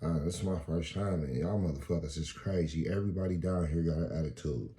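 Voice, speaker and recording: Low, mellow-voiced man doing stand-up. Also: fairly quick. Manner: profane, casual street talk. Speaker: stand-up comedian. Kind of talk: freestyle stand-up storytelling.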